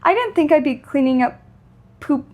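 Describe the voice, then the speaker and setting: A woman's voice: high voice, lively intonation, normal speed, highs cut off. A mother co-hosting a podcast, chatty and wry, steering the talk with questions. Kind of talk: casual chat.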